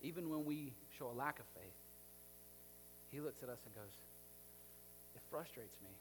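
Animated man preaching a sermon. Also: medium pitch, normal speed, slight background noise. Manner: conversational, animated, acts out scenes. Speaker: pastor.

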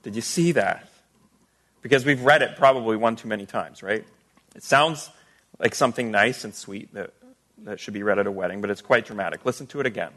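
A man's voice: fairly low pitch, fast, fairly bright tone. A man preaching a sermon as a pastor, talking casually and asking the listeners rhetorical questions. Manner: conversational teaching with rhetorical questions.

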